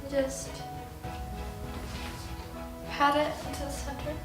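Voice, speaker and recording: A woman's voice: high voice, monotone, slow. A young woman doing a casual makeup tutorial at home, chatty and giggly with jokey asides. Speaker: makeup vlogger. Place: room at home. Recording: echoey room with music behind.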